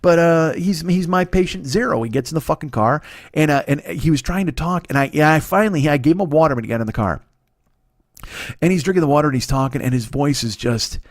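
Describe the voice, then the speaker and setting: A man in his forties hosting a podcast, rambling through a profane, self-mocking comedy monologue while sick, his voice a bit hoarse and sniffly. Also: medium pitch, no room sound, clean studio sound. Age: 40s. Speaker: podcast host.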